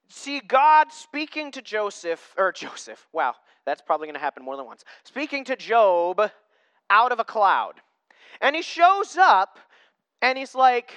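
Woman Bible teacher, earnest with wry asides, sharp bright voice, dry close sound. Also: fairly low pitch, no echo. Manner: earnest, with joking asides and self-corrections.

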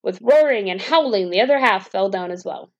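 A woman reading a fairy tale aloud as a bedtime story, in a calm, even storytelling manner. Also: mid-range voice, fairly quick, highs cut off.

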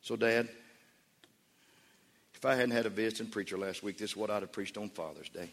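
A man's voice: fairly low pitch, fairly quick, fairly bright tone. A man pastor preaching a sermon in a church, emphatic and repetitive. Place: church sanctuary. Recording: long church reverb.

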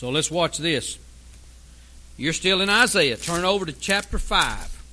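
A man's voice: on the high side, animated, measured pace, bright, forceful tone, low-quality recording. A man preaching a sermon in a folksy, emphatic way, reading scripture aloud. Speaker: pastor.

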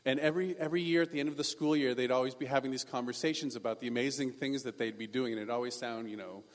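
A pastor telling a personal story in a sermon, animated and self-deprecating. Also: male voice, medium pitch, fast talker, few pauses, in a large hall.

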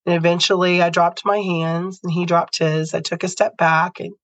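A woman's voice: on the low side, level tone, normal speed, dry recording, low-quality recording. A woman podcast host telling a personal story in an earnest, heartfelt way.

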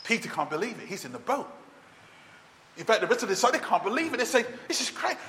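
A man preaching with a very high, bright, forceful voice. He swings from loud calls to soft, low lines. His voice carries a long reverb, as if he stands in a church hall. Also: big pitch swings, fast talker, a little hiss or hum. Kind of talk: sermon.

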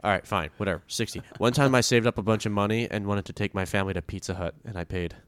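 A young man with a low-pitched voice chats loosely on a podcast, trailing off and restarting as he jokes. He is heard close and dry on his mic, with no room around him. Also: quick pace, clean tone, dry recording. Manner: rambling, self-interrupting, jokey. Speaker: podcast co-host. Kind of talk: casual chat.

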